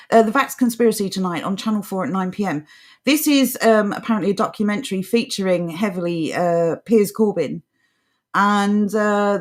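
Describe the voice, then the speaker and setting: A woman co-hosting a live political talk show, speaking with an impassioned, ranting delivery. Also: medium pitch. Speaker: co-host.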